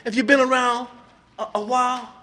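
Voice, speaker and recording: A middle-aged man giving a blunt, profane, animated speaker share at a recovery meeting, laughing between lines. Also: very high-pitched, normal speed. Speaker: recovering addict sharing at a meeting.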